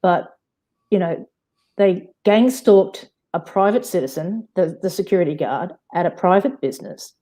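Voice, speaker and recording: Woman, Australian accent, mellow low voice, insistent, repeats herself, live-stream guest. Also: moderate pace. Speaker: panel guest. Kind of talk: heated casual argument.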